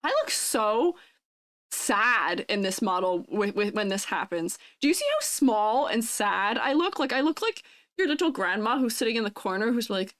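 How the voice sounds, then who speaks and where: A woman's voice: a little high, animated, normal speed, a bit bright. A woman in her twenties chatting casually on a live stream, bubbly and giggly as she reads and answers chat. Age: 20s. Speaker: vtuber streamer.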